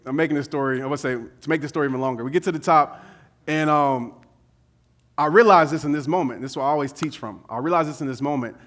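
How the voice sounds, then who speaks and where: High-voiced animated man telling a story on stage. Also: quick pace. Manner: animated, conversational, acts out quotes, laughs often. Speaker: motivational keynote speaker. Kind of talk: storytelling keynote speech. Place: conference stage before a live audience.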